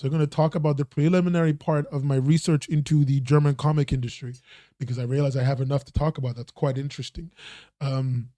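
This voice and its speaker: A non-American man with a slightly high, warm voice hosts a casual livestreamed news roundup podcast, recorded with no room sound. He rambles, restarts his sentences, and swears casually.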